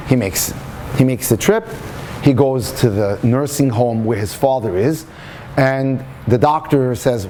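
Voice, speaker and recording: A man's voice: medium pitch, expressive, a little slow, warm tone, a little hiss or hum. A man who is a rabbi, telling a story in a passionate, dramatic lecture style.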